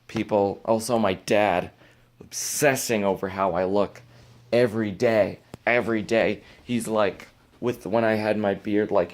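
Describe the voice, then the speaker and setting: Young man ranting in his bedroom. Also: on the low side. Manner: exasperated ranting, swearing. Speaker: vlogger. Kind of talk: casual ranting vlog.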